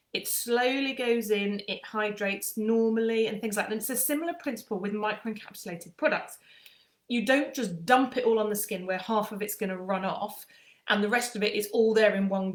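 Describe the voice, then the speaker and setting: A woman chatting casually through a skincare explanation, often pausing on fillers and restarting. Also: a little high, fairly bright tone, roomy sound. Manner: chatty, with frequent ums and restarts. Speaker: skincare aesthetician.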